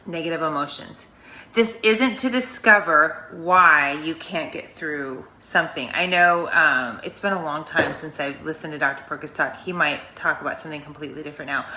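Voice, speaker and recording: A woman with a low, bright and forceful voice talks listeners through an emotional release exercise. She rambles in a chatty, earnest way. The room around her is echoey. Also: slight background noise. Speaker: host of a wellness channel. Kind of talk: guided emotional release talk.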